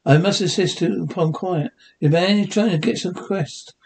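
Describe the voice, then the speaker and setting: A pompous, fussy old country vet from a cartoon, sure of himself and full of fake bedside charm, as a man puts him on. The voice is pitched high. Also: moderate pace, darkish tone. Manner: pompous, fussy, self-assured. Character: pompous elderly country veterinarian. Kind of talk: cartoon voice recreation.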